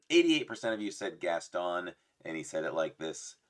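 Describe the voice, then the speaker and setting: A man's voice: low-pitched, big pitch swings, moderate pace. A man hosting a casual trivia livestream, playful, laughing often and reading chat aloud. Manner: fond of doing voices. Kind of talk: casual live-stream chat.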